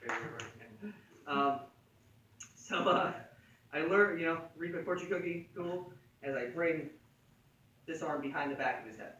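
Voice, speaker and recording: Bright, joking jiu-jitsu instructor in echoey gym. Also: male voice, a little high, unhurried, pauses often, lo-fi sound, a little hiss or hum. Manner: joking, conversational, frequent "right?" check-ins. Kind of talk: casual technique instruction. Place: martial arts gym. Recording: echoey room, mic at a distance.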